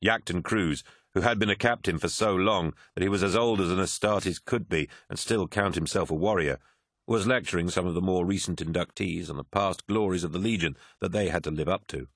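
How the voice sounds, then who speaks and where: Deep voiced guy reading an audiobook, grave and steady, bone dry. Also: fairly quick, dry recording. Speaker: narrator. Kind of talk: audiobook narration.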